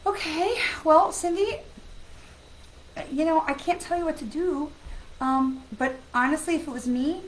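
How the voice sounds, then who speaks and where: A woman's voice: high voice, a little slow, pauses often, slight background noise, poor audio. A woman hosting a live stream as a psychic medium, chatting earnestly with viewers and greeting them by name. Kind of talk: casual live-stream chat.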